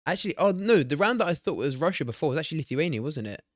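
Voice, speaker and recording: Rapid-fire and a little high-pitched, a young male streamer addresses his chat with animated excitement, swearing and laughing often. He's hosting a watch party and playing a guessing game in a casual live stream. The mic is dead dry, with no echo.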